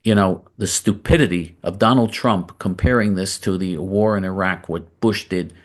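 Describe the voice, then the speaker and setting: A man's voice: sits low, moderate pace. A man hosting a political commentary monologue, blunt and combative, repeating phrases for emphasis. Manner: emphatic and repetitive, doubling phrases for stress. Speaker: host of a political commentary show.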